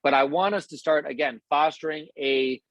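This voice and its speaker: Rambling motivational team talk, slightly high male voice, dry close sound. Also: moderate pace, no room sound, dull audio. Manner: loose and rambling, with many restarts and fillers; acts out quoted voices in a higher, louder pitch. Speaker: company leader giving a motivational talk.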